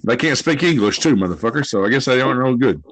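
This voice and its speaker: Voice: medium pitch, animated, fast, dry recording. A person hosting a casual guessing game with a partner at home, swearing a lot and teasing. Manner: profane, teasing. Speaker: game host.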